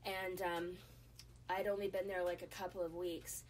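A woman's voice: fairly low pitch, moderate pace, slight background noise. Chatty middle-aged woman telling a story. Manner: lively, with frequent fillers and restarts. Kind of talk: casual spoken storytelling.

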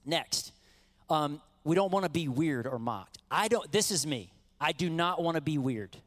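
A middle-aged man delivers a sermon from the pulpit in a slightly high voice. He preaches in an animated, conversational way, slipping into acted-out quotes and calling out to his congregation. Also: moderate pace. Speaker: pastor.

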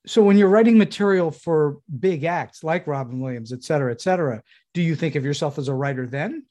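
A man's voice: on the high side, animated, a little fast, mellow. A man interviewing a comedian, often stammering on the first words of his questions.

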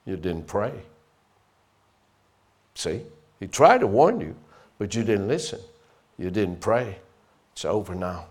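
A male preacher voicing the devil as an accusing, taunting spirit, in hushed, needling tones. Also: lowish voice, big pitch swings, slow pace, long pauses, pitched below the performer's own voice, heavily acted.

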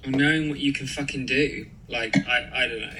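A man's voice: mid-range voice, steady tone, a little fast, bright, forceful tone, a little hiss or hum, rough recording. A man as a podcast guest in casual chat, swearing freely, laughing and rambling. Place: flat in London.

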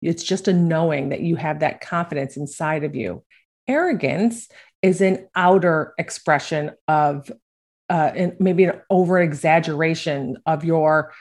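A middle-aged woman from the United States talking casually as a golf coach, often checking in with a quick "right?" and laughing through her stories. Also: low-pitched, darkish tone. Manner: conversational, frequent "right?" tags, laughs while telling stories. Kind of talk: casual talk.

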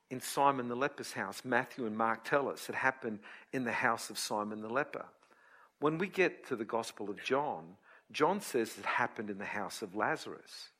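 A man preaching a sermon, telling a Bible story with lively acted-out voices and dropping to a quiet, low tone to explain scripture. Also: husky.

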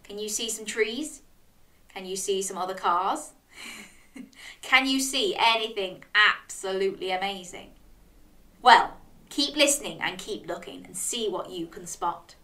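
A woman reading a picture book aloud to young children, animated and sing-song, stopping to ask her listeners questions. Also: mid-range voice, a little slow. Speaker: children's story reader.

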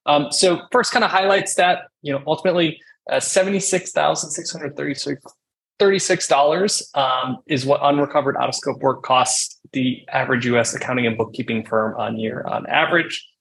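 A man from a software company hosting a webinar presentation, casual and filled with ums and uhs. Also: fairly high pitch, steady tone, fairly quick, gravelly, low-quality recording.

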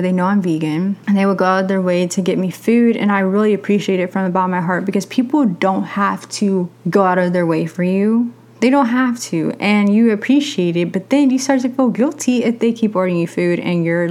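A young adult woman hosting a podcast, telling a personal story in a candid, animated way and acting out other people's lines. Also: mid-range voice. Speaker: podcast host.

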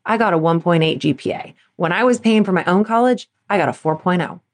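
Her voice sits on the low side and moves fairly quickly. She's a thirtysomething performance coach running a solo podcast, speaking openly to sports parents and voicing her younger self in quotation.

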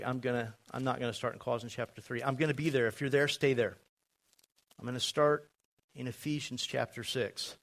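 A man preaching a sermon, emphatic and addressing the congregation directly with asides. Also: medium pitch. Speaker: pastor.

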